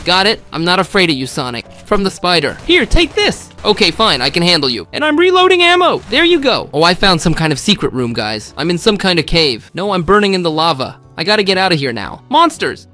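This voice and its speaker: A man giving excitable gameplay commentary, often shouting exclamations to his viewers. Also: high-pitched. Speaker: gameplay video host.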